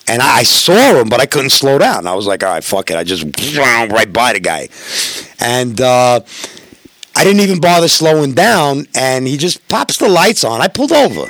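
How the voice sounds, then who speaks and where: A man's voice: mid-range voice, big pitch swings, moderate pace, a bit bright. A middle-aged man, telling profane road stories in casual podcast chat and acting out the dialogue. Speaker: podcast guest.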